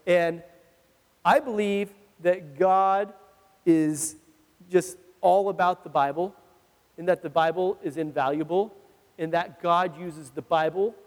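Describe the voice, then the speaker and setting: Male pastor, high pitched, chatty and animated delivery, long hall reverb. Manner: animated, conversational, laughs at himself. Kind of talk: sermon with personal storytelling.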